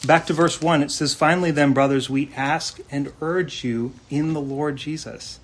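A man preaching a sermon in an earnest, conversational way, asking rhetorical questions and reading scripture slowly. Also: fairly high pitch, steady tone, slight background noise. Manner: reads scripture slowly and deliberately. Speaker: pastor. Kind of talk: expository sermon.

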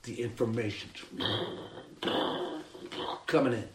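A man preaching a sermon, animated and emphatic, acting out the story as he tells it. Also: mid-range voice, slow, reverberant, slight background noise. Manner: animated, acts out the scene with rising emphasis.

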